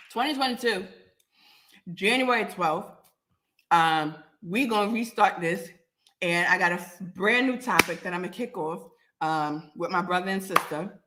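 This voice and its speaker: A raspy woman, getting over a cold, hosting a live podcast and talking bluntly to commenters by name. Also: lowish voice, noisy background. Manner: blunt, confrontational, addresses chat by name. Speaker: podcast host. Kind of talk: live-stream talk to commenters.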